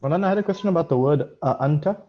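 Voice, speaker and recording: A man's voice: fairly high pitch, rapid-fire. A man attending an online class as a student, asking polite, hesitant questions. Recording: dull, lo-fi video call audio.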